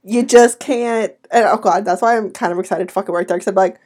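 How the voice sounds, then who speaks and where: A woman's voice: medium pitch, brisk, darkish tone, husky. Blunt young woman in casual chat. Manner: blunt, profane, laughs often. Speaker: podcast co-host.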